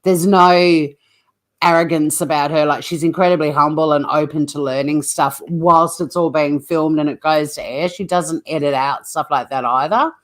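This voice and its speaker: A woman's voice: deep voice, steady tone, normal speed. A woman hosting a true crime channel, chatting casually and bluntly on a livestream, swearing freely and rambling as she reacts to live chat.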